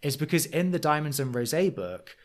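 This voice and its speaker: A man co-hosting a podcast in casual chat, animated, breaking into quick quoted impressions. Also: fairly high pitch. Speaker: podcast co-host.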